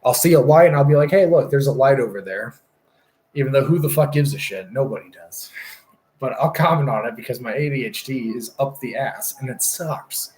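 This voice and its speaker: A man's voice: mid-range voice, brisk, a little mellow. Rambling, swearing young man streaming live. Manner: rambling, profane, easily distracted. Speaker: livestreamer. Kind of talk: casual livestream chat. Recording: roomy echo.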